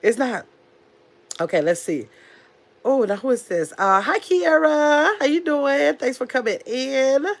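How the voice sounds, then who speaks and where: A woman in her fifties with a nasal voice, hosting a casual livestream, talking very fast and bluntly while reading chat comments. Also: high-pitched, expressive. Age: 50s. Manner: talks very fast, blunt and chatty. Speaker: livestream host.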